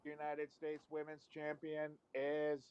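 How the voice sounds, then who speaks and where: A man voicing a male AI robot that writes storylines, with a slow, flat, machine-like delivery. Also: on the high side, clean tone, lo-fi sound. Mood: robotic.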